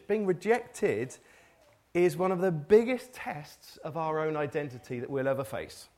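A man preaching a casual sermon, asking the room rhetorical questions and reading scripture aloud. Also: a little high. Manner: conversational, rhetorical questions, occasional restarts.

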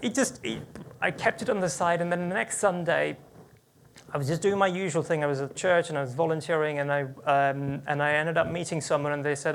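A preacher speaks in church, telling an earnest personal story as part of a sermon. The voice carries a gravelly, creaky edge at a middling pitch. Sentences often stop and restart as the thoughts come. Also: brisk, slight background noise.

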